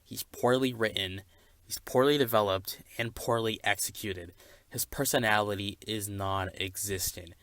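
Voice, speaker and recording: A man's voice: fairly low pitch, fairly even intonation, normal speed, a bit bright, no echo. A young man voicing a smug, rambling male anime reviewer who stumbles over his words, in a comedy skit. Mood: ranting.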